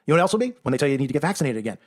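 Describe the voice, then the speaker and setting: Very animated and racing along, this fairly high-pitched man is an online commentator giving a sarcastic, forceful monologue. He keeps tagging his points with "right?"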